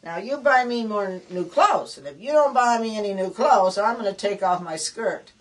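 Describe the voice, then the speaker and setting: A woman's voice: medium pitch, animated, normal speed, lightly acted, rough recording. An old woman doing a nagging comedy-sketch wife. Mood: demanding. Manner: demanding, ranting. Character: angry sketch wife nagging her husband.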